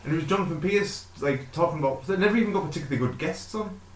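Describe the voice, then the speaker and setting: A man's voice: a little high, expressive, racing, a little hiss or hum. Blunt man in an echoey room. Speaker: podcast co-host. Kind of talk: casual chat.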